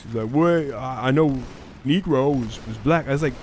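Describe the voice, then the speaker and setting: A man's voice: mid-range voice, normal speed, a little mellow. A man chatting casually as a podcast co-host over gameplay. He rambles through anecdotes with a lot of fillers and restarts, laughing along the way. A faint hiss of noise sits under the voice. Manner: rambling storyteller, laughs often. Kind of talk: casual chat while gaming.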